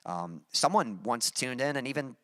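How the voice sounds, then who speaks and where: A man from Texas with a mild Texas accent, a musician chatting casually on a livestream and reading out his chat, relaxed and rambling with many fillers. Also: medium pitch, normal speed, no room sound, clean studio sound. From Texas, USA.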